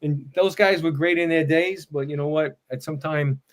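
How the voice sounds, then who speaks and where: Rambling older man, slightly high voice. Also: fairly even intonation, normal speed. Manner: easygoing, rambling, leans on "you know" and "man". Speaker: retired fire battalion chief guest. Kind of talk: casual podcast interview.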